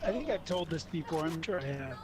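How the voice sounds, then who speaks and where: A man's voice: fairly high pitch, animated, brisk, low-quality recording. A man in casual game chat, rambling through funny stories and laughing as he talks. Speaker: gamer chatting on stream.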